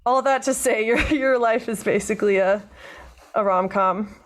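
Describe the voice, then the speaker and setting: A woman's voice: medium pitch, normal speed. Chatty woman podcast host. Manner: chatty and self-deprecating, lots of fillers. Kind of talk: casual podcast chat.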